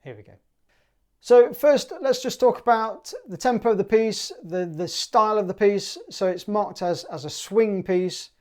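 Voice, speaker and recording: A man with a British accent teaching a clarinet piece in a relaxed, chatty way, sometimes singing the rhythms in syllables. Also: high-pitched, measured pace. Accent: British English. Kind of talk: relaxed music tutorial.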